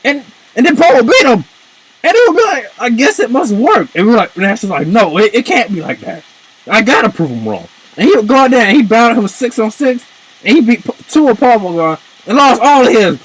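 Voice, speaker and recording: A man ranting in casual commentary, swearing and breaking into shouts. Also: high voice, brisk, breathy edge, poor audio. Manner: animated, swears, jumps into shouts. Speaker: video commentator.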